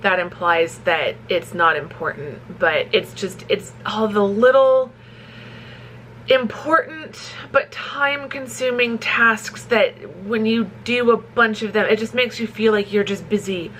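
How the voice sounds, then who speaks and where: A woman talks casually to her camera at home, her voice sitting in a middle pitch. She rambles from thought to thought and laughs easily. A faint hiss runs beneath her words. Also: unhurried, fairly bright tone, rough recording. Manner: chatty, rambling, laughs often. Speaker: romance author vlogger. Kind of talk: casual vlog chat. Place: at home, kitchen.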